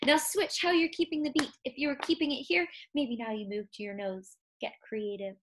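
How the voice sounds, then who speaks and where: A young woman teaching a recorded music lesson to kindergarteners, speaking slowly and clearly, coaching them and singing simple songs. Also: fairly high pitch, animated. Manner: slow, clear and encouraging, speaking to young children; sings simple songs and gives call-and-response prompts.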